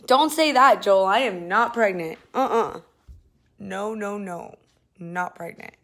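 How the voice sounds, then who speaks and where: A woman's voice: mid-range voice, takes it slowly. Nauseous young woman live-streaming. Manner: chatty, drifting between loud outbursts and tired murmurs. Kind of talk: casual live-stream chat reading comments. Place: shared apartment.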